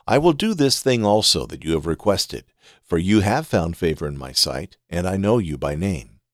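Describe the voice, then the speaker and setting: A man reading the words of God in a measured scripture reading. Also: deep voice, very animated, no room sound, clean studio sound. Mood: solemn. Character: God speaking, solemn commanding male deity.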